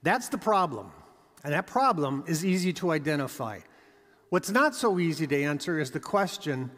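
A man's voice: on the high side, very animated, moderate pace, fairly bright tone. Man preaching in a reverberant church. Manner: emphatic preaching, rising and dropping for effect. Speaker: pastor. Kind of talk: sermon.

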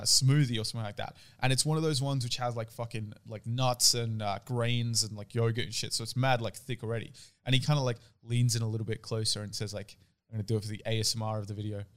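A man, co-hosting a podcast and telling a story in casual chat with lots of swearing. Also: medium pitch. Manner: swears freely, laughs, acts out voices in stories. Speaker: podcast co-host.

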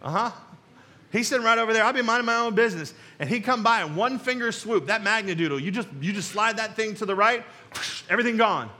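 A pastor preaching a conversational sermon, telling stories and jokes in a playful, storytelling manner. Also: male voice, sits high, fast, pushed and bright.

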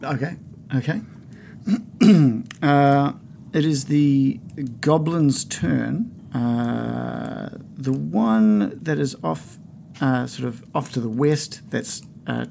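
A man's voice: medium pitch, drawn-out words, gravelly, warm tone, a little hiss or hum. A man running a tabletop game as game master, narrating with frequent uhs and ums. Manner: hesitant, lots of uh and um.

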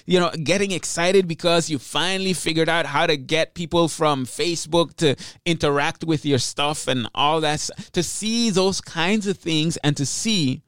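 A man hosting his own podcast in an energetic, rambling way, often cutting himself off mid-thought. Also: mid-range voice, smooth, dry recording, clean studio sound. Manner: energetic, rambling, self-interrupting. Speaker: podcast host. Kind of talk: solo podcast monologue.

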